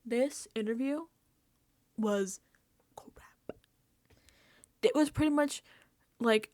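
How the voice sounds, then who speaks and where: A woman hosting a reality TV recap, ranting casually and acting out quotes in an exasperated, animated way. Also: fairly high pitch, extremely slow, pauses often, dry recording, clean studio sound.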